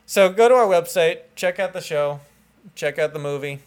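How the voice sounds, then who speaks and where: A man with a slightly raised pitch co-hosts a homemade comedy podcast. He jokes and swears loosely and stumbles when excited. He speaks into a lapel mic pinched between his fingertips. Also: normal speed, smooth. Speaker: podcast co-host. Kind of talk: casual comedic chat. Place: makeshift home setup. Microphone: lapel mic held in fingertips.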